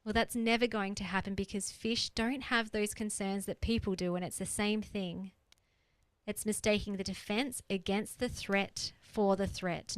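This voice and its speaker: A woman's voice: mid-range voice, steady tone, normal speed, clean tone, no echo, poor audio. A woman coach leading a guided exercise on a group coaching call, earnest and explanatory, repeating her key points. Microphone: video call.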